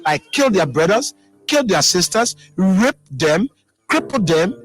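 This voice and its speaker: A man's voice: high voice, big pitch swings, a little slow, faint music behind, rough recording. A man giving a remorseful, pleading testimony as a former fighter. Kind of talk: emotional testimony.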